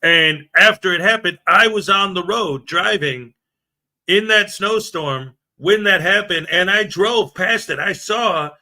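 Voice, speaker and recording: A man's voice: high-pitched, measured pace, bright, forceful tone. A man hosting a casual morning livestream, chatting and laughing as he greets viewers and reads their comments aloud. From United States. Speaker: livestream host. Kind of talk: casual live-stream chat.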